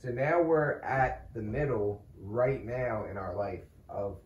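A young man needles his wife with playful, stubborn insistence. His voice sits at an ordinary pitch for a man. It sounds echoey and a little distant from the mic. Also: takes it slowly, highs cut off. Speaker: prankster husband. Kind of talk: casual couple prank.

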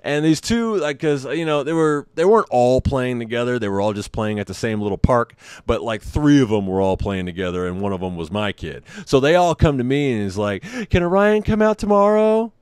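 A man telling a story in a casual monologue, animated, blunt and profane, and poking fun at himself. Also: medium pitch, a little fast, clean tone, dry recording. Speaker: host of a parenting podcast.

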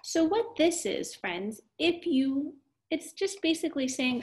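A woman's voice: high voice, sing-song, measured pace, slight background noise. A woman teaching a kindergarten math video lesson, cheerful and encouraging, with an exaggerated voice for young children.

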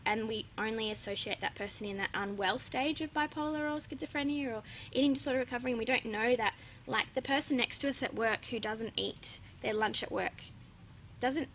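In a casual interview, a young adult woman speaking as the guest talks openly and chattily, laughing frequently and leaning on many fillers. Her slightly high, somewhat bright voice moves fairly quickly, over a rough recording with some hiss or hum.

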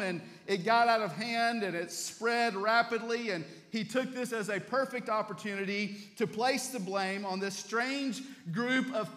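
A male pastor preaching a Sunday sermon in a church, telling stories in an animated way and often restarting his phrases. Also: high-pitched, big-room sound. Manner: animated storytelling preacher, repeats words as he restarts. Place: church sanctuary.

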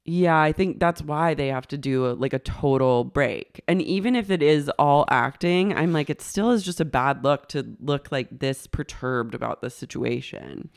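A man's voice: a little high, normal speed, creaky, few pauses, clean tone, dry recording, clean studio sound. A man co-hosting a podcast, chatting casually about a reality show and acting out quotes. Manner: chatty, acts out quotes in raised voices. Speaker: podcast co-host.

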